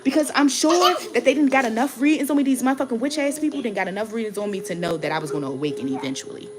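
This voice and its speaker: A tarot reader hosting her own channel rants to viewers in a high, racing voice. She's blunt and heated, swears often, and keeps repeating herself in this casual vlog.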